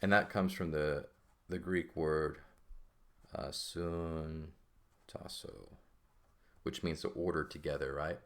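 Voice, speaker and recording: A man's voice: very deep voice, fairly even intonation, slow, long pauses, fairly bright tone. A man teaching a recorded language lesson, explaining step by step and often checking with "right?" and "okay?".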